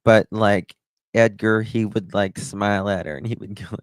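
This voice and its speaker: A man with a lowish, steady voice and a Southern accent speaks at normal speed in a dry recording. Hosting a live stream, he chats casually and tells stories in a rambling way.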